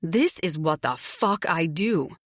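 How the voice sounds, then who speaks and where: A woman voicing a menacing, possessive young man who speaks in a low, slow, threatening way. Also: animated, a bit bright, dry recording, clean studio sound, exaggerated voice. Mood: cold.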